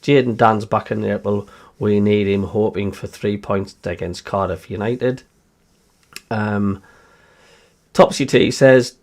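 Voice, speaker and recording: Mackem bloke hosting a footy chat, lots of ums, reading out the chat. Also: male voice, on the low side. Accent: Sunderland. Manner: chatty, lots of fillers, reads out live chat messages. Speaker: podcast host reading listener messages. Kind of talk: casual football chat.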